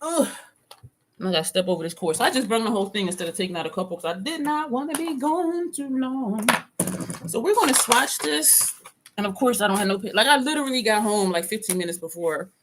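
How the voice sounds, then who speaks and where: A woman's voice: mid-range voice, expressive, fairly quick, a little hiss or hum. A woman vlogger chatting casually on a live stream from her home desk, talking to viewers by name and reading their comments aloud.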